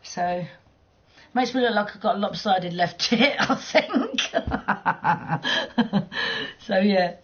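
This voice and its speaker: A woman's voice: medium pitch, expressive, drawn-out words, long pauses, husky, dull audio. A woman livestreaming a game, chatting casually with viewers in a blunt, teasing way, swearing freely and laughing often. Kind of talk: casual chat while gaming.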